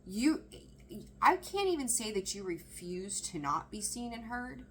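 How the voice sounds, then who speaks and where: Lady doing a chatty tarot reading, excited, keeps cutting herself off, faint noise behind. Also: fairly high pitch, measured pace, poor audio. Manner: chatty, excitable, laughs and trails off mid-sentence. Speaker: tarot reader. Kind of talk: casual tarot reading to camera.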